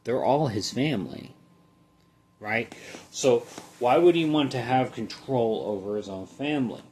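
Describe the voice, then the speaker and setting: A man giving a casual Bible study, reading a passage in a halting way and then talking it through conversationally. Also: medium pitch, very animated, a little mellow. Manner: slow, halting, reads then comments conversationally. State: sleepy, yawning.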